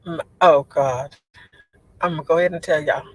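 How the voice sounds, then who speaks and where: Chatty low-voiced woman on a livestream. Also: fairly even intonation, moderate pace, darkish tone, breathy edge, no echo, rough recording. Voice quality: low voice she says sounds like a man's. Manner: chatty and rambling, laughs often, many fillers. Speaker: livestream host. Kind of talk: casual livestream chat reading viewer comments.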